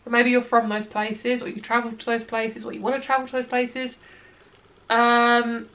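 A young woman talks through a tarot spread for her viewers in a loose, chatty way. Her voice sits a little higher than most women's, and she reassures her audience while filling pauses with "like" and "um.". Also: little pitch movement, a bit bright. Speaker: tarot reader. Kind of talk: casual tarot reading vlog.

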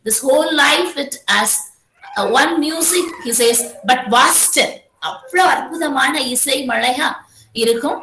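A woman with a Tamil accent lectures on poetry over a video call, reciting lines and explaining them patiently. Her voice sits high. The room around her echoes, with a faint hiss underneath. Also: pushed and bright. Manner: explains slowly, mixing English and Tamil, quotes verse aloud. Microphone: computer mic on a video call.

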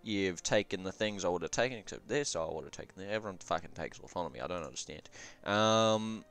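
A man's voice: sits low, lively intonation, fast talker, a bit bright, clean tone, faint music behind. A young man giving casual, rambling game review commentary, swearing often and offhand. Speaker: gaming commentator.

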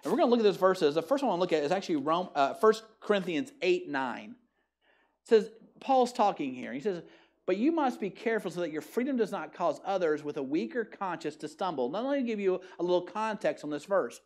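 A pastor giving an animated, emphatic sermon at a church service that is also streamed online, often putting questions to the listeners. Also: medium pitch, a little fast.

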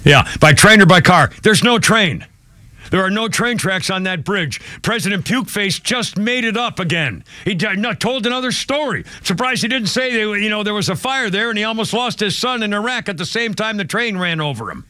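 A high, bright male voice hosting talk radio, exasperated and wry as he riffs on the day's news. He is on a close studio mic with a very dry sound. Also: animated, brisk, few pauses, dry recording. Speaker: radio talk show host. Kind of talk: casual talk radio banter. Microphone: studio microphone.

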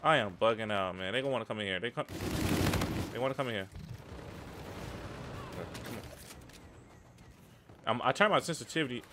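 A young man giving live, slangy, excitable commentary over his own shooter gameplay. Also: mid-range voice, normal speed, pauses often, heavy background noise. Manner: excitable, slangy, trash-talking. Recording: game gunfire behind the voice.

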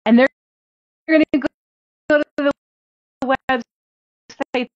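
A woman's voice: sits high, fairly even intonation, takes it slowly, no room sound. A woman who is a chiropractor, giving an upbeat, chatty lesson to practice owners and repeating the key points. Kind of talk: instructional talk. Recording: dull, dry lo-fi recording.

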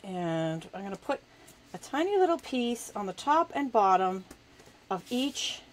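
A woman's voice: medium pitch, big pitch swings, a little slow, low-quality recording. A woman hosting a live crafting demonstration, chatty and self-deprecating, laughing often and talking while she works with her hands. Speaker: crafting show host.

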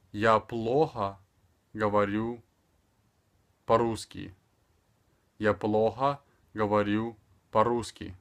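A young man teaching a casual online language lesson, repeating phrases slowly and deliberately with loose, chatty asides. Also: fairly low pitch. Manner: slow deliberate repetition of phrases, relaxed filler-heavy asides.

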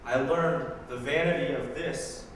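A man's voice: medium pitch, a little slow. A man performing spoken word poetry in a wry, pointed way, with sarcastic asides, recorded live in an echoey hall from far off. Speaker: poet. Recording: echoey hall, mic far off, faint noise.

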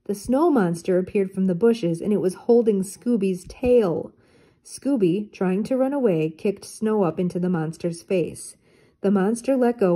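An older woman reading a children's storybook aloud in clear, even narration. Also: medium pitch, measured pace. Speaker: storybook reader.

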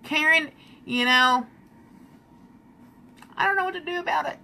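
A woman's voice: sits high, unhurried, vocal fry, pushed and bright. A woman hosting a casual live makeup stream, exasperated and laughing along.

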